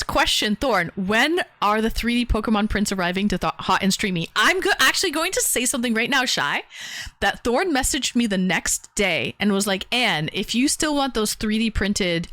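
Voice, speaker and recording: A woman's voice: medium pitch, sing-song, moderate pace, sharp tone, no echo. A woman hosting a livestream call-in, talking in a bubbly, chatty way with lots of fillers. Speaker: streamer host. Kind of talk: casual livestream chat.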